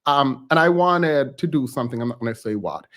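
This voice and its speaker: A man hosting a live stream who tells a personal story in a rambling, animated way, full of filler words and frequent laughs. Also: medium pitch, brisk. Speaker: host of a live reaction stream. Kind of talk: casual storytelling chat.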